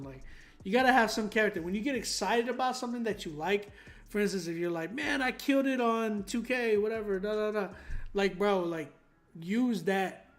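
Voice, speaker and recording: A young man hosting a song critique stream, talking in an animated, emphatic way with many fillers. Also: high-pitched. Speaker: host giving song critiques. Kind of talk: livestream critique chat.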